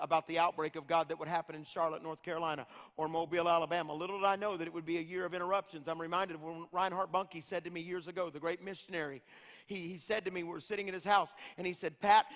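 Impassioned preacher in an echoing hall. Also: male voice, on the high side, fairly bright tone. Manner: impassioned, rhythmic repetition. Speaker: evangelist. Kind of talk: revival sermon. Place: large church hall. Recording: long hall reverb.

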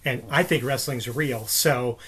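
A man's voice: mid-range voice, measured pace, a bit bright, husky. A man in his forties from New Jersey, co-hosting a podcast and telling a rambling story full of restarts and fillers. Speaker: podcast co-host. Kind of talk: casual storytelling chat.

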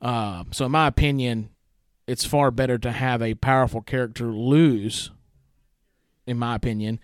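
A man's voice: mid-range voice, fairly even intonation, moderate pace, clear, resonant tone, no echo. A man co-hosting a podcast, arguing his opinions emphatically in casual chat full of "like" fillers. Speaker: podcast co-host.

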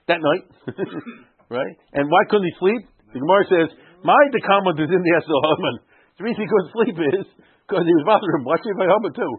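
A man teaches a lively Talmud class. His voice is a little higher than most men's, and it sounds husky. It comes through a tinny, phone-like line. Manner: animated, laughs often, asks the class questions. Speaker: Torah teacher.

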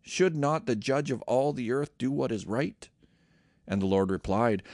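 A man reads scripture aloud with a steady, measured delivery. His voice has a gravelly edge. The recording is dry and close. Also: medium pitch, dry recording. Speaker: scripture reader.

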